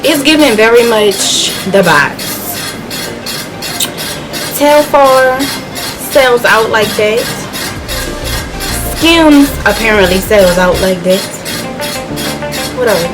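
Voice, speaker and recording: A woman's voice: on the high side, lively intonation, takes it slowly, long pauses, poor audio. Woman vlogger ranting theatrically over music. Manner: theatrical, repetitive, exasperated. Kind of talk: dramatic comedic rant to camera.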